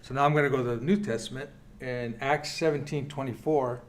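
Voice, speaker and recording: Male Bible class teacher, mid-pitched, earnest, reads scripture and chats with the room. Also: fairly even intonation. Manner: earnest, reads scripture aloud, quick asides. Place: church meeting room.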